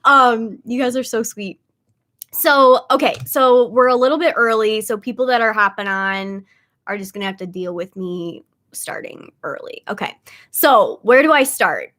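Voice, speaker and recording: A woman's voice: mid-range voice, moderate pace, a bit bright. A young woman hosting a casual livestream, talking in a chatty way with many fillers, holding back tears. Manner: chatty, lots of "like" and "um". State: tearful, on the verge of crying. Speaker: livestream host, tarot reader.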